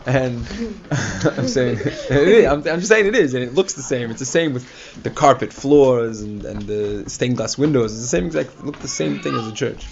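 A man's voice: mid-range voice, moderate pace, creaky. Rambling man telling a story, lo-fi. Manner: rambling, filler-heavy, animated quoting of others. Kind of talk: casual personal storytelling. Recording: dull lo-fi recording with faint hiss.

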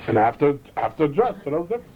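A man teaching a Chassidic lecture, animated, often repeating and restarting his phrases. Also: a little high, rapid-fire. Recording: dull lo-fi recording with faint noise.

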